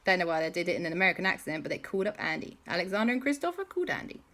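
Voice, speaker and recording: A woman telling an improvised children's story, animated, with sound effects and dramatic pauses. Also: on the low side.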